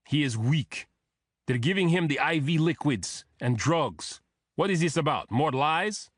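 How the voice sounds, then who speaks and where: A man voicing a gruff, burly male Russian bodyguard, speaking with a thick Russian accent in curt, barking lines. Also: a little high, expressive, a little slow, dry recording, studio quality, pitched above the performer's own voice. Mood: hostile.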